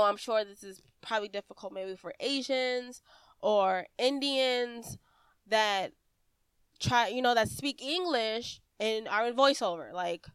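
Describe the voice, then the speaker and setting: A woman's voice: on the high side, fairly bright tone, clean tone, no room sound. An American woman hosting a podcast, giving casual voiceover advice in a chatty, rambling way with many fillers and restarts. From United States. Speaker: podcast host. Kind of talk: casual instructional podcast talk.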